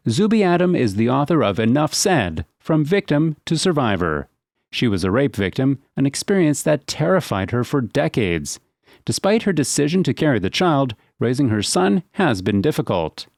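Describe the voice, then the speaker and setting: A male narrator reads a scripted introduction in a formal, announcing way. His pitch moves in a lively way. The sound is dry and close. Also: normal speed, vocal fry, no room sound.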